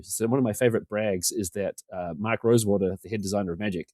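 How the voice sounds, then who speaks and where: A New man in his forties talks fast in a low, easygoing voice, spinning a long, self-mocking yarn as a podcast guest. He keeps slipping into the voices of the people he's quoting. The sound is dry and close, with no room around it. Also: steady tone, a little mellow, no room sound. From New Zealand. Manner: rambling, self-deprecating, acts out quotes. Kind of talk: casual storytelling.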